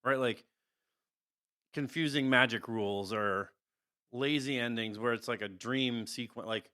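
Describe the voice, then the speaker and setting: A man's voice: mid-range voice, measured pace, pushed and bright. A man co-hosting a casual podcast chat, joking sarcastically and swearing as he talks. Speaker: podcast co-host.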